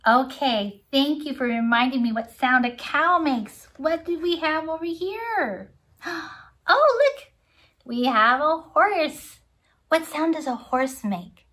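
A woman's voice: sits high, lively intonation, a little slow, a bit bright. A woman leading a children's Sunday school lesson, coaxing young viewers to sing along and making animal sounds. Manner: makes animal sounds and gasps of surprise.

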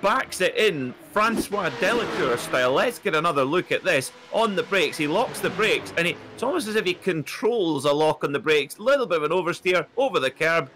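A man giving sim racing commentary, excitable and quick to jump up in pitch at close moments. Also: noisy background.

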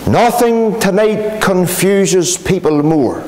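Brief: Northern Irish man, gospel preacher, high voice that swoops widely, hammering his points home by repetition. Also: animated, takes it slowly, darkish tone, slight background noise, poor audio. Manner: emphatic, repetitive, addresses listeners as friends. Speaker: pastor. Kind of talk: revivalist gospel sermon. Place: gospel hall.

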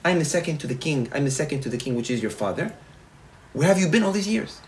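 A man's voice: fairly high pitch, big pitch swings, fast, slight background noise. A man voicing the king's second-in-command in a told parable, earnest and wondering.

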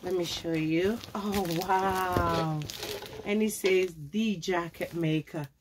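A woman's voice: on the low side, slow pace, noisy background. Gushing woman vlogger unboxing a coat. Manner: gushing, excited, addresses viewers as honey; tags many phrases with okay. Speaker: fashion vlogger. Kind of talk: sponsored product review and unboxing.

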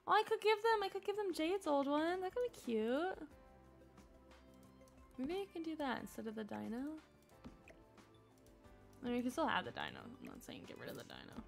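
A young woman chatting through her gameplay on a live stream, excitable and gushing, often talking to the game characters. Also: sits high, normal speed, creaky, pauses often, faint music behind.

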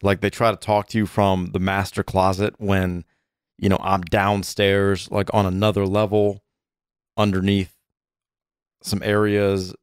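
A man's voice: deep voice, flat delivery, measured pace, clean tone, no echo, clean studio sound. A man in his thirties co-hosting a podcast in casual chat with his wife, teasing and playful. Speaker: podcast co-host. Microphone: studio mic with headphones.

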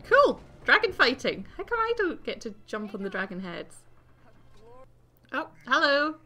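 A woman giving excitable, giggly let's play commentary as the channel host. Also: a little high, a little slow. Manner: excitable, exclaiming and giggling at the game.

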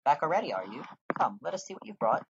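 A man's voice: fairly high pitch, very animated, fast, gravelly, dull audio, noisy background, pitched above the performer's own voice. A man reading out a bossy male guildmaster from a role-playing game in a put-on lecturing voice.

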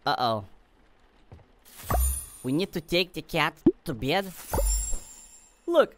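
Excitable woman narrating gameplay, wildly swooping. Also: deep voice, slow pace, pauses often, background noise. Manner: excitable, talks to viewers, simple non-native phrasing. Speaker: gaming video host. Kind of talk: gameplay commentary.

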